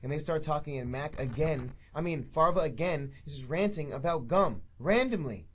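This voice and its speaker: Young male co-host, slightly high voice, exasperated profane ranting. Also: normal speed, slight background noise. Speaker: podcast co-host. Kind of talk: casual movie review chat.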